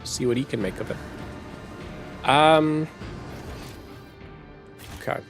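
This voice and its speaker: A man streaming a game, giving relaxed, casual commentary and getting excited at what he finds. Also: mid-range voice, takes it slowly, faint music behind. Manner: relaxed, easily excited, talking to himself.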